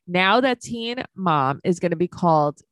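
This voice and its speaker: Woman podcast co-host, blunt casual chat, very expressive pitch, dry close sound. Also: a little slow, no room sound. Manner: blunt, animated, swears freely. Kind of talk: casual chat recapping reality TV.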